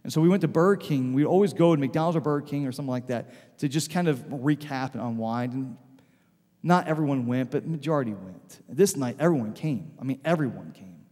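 Before his congregation in the church sanctuary, a male pastor preaches a storytelling sermon, loose and conversational and full of "like." His medium-pitched voice is warm and moves fairly quickly. A long reverb from the church hall trails his words.

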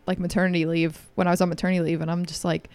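A woman in her thirties co-hosting a podcast, chatting in a relaxed, conversational way. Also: lowish voice, very fast, no echo. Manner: relaxed, conversational, hesitant fillers. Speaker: podcast co-host. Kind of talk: casual chat.

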